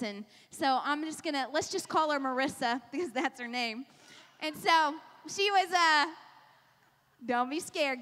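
A woman's voice: extremely high pitch, fairly bright tone. A middle-aged woman pastor preaching a sermon at a women's rally, with an impassioned, repetitive cadence. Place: large church hall. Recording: long hall reverb.

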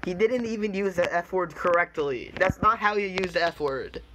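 A man's voice: high-pitched, moderate pace, background noise. A man reading funny posts and signs aloud, with dry jokey commentary and bursts of laughter. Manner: deadpan reading broken out by laughing fits. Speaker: commentary video host.

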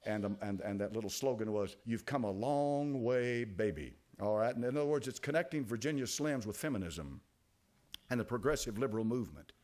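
An older male pastor with an East Tennessee accent delivers a sermon. His pitch swoops widely as he moves from hushed asides to loud, dramatic exclamations. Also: lively intonation, fast talker. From United States. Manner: dramatic preaching, dropping to low quiet asides and rising to loud exclamations.

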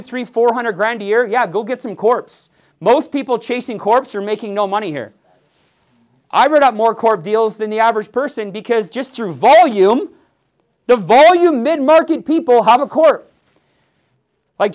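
Fired-up man in his forties, high voice. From Milwaukee, USA. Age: 40s. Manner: fired-up, punchy, quizzes the room with "yes or yes?". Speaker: sales team trainer. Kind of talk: motivational team training talk.

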